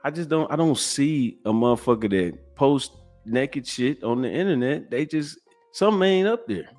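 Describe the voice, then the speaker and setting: A man's voice: mid-range voice, animated, normal speed, a little mellow, soft background music. A man hosting a podcast, giving profane, preachy reaction commentary. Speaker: podcast host.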